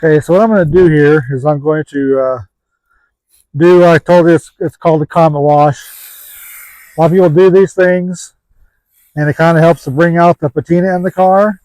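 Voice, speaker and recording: Casting note: plain-spoken man, slightly high voice, dry close mic, easygoing joking how-to delivery. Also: steady tone, normal speed, darkish tone, no room sound, poor audio. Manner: folksy, joking, rambling. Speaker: classic car seller. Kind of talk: casual how-to vlog.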